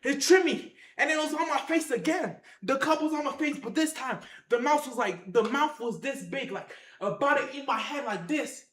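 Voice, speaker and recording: A speaker telling a wild story to viewers in casual slang, acting out fights with shouted sound effects and repeated phrases. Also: sits high, normal speed, hardly any pauses, echoey room. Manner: excited, acts out the action with sound effects and shouts. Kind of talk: animated tall-tale storytelling to viewers.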